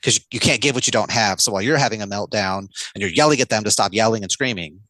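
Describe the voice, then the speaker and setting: A man guest on a podcast, explaining communication with lively, energetic delivery and frequent shifts of pace. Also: fairly low pitch, fast talker, dry recording, low-quality recording. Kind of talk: casual podcast interview.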